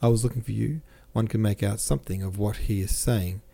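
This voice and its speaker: A man reading the lines of a doctor at a sickbed, quick and matter-of-fact. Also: on the low side, fairly even intonation, vocal fry, mellow. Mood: urgent. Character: brisk male doctor at a sickbed.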